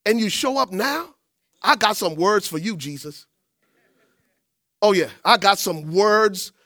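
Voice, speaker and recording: A sassy grieving woman, as a preacher puts her on, delivers her scolding in a high, bright, cutting voice. She sounds hurt and confrontational, and the recording is close and dry. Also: expressive, unhurried, no echo, exaggerated voice. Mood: indignant. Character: indignant grieving woman scolding a late friend.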